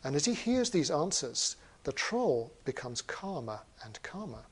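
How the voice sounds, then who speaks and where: A man who is a Buddhist teacher, telling a story in a dharma talk in a relaxed way with many pauses and fillers. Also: on the high side, slightly rough.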